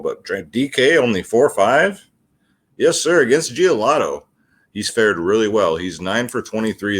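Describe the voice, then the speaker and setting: A man runs through his daily fantasy baseball picks in a loose, chatty way, calling his viewers "guys." His voice sits at a middling pitch but swings widely and expressively from phrase to phrase. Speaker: fantasy sports picks host. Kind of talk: casual sports picks video.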